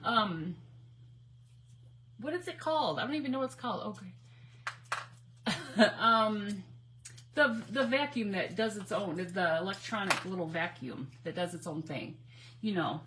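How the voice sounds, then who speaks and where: A woman's voice: mid-range voice, lively intonation, measured pace, long pauses, noisy background. A woman hosting a live crafting stream, chatting in a rambling way, greeting viewers by name and laughing often. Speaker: crafting livestream host. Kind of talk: casual chat while crafting live.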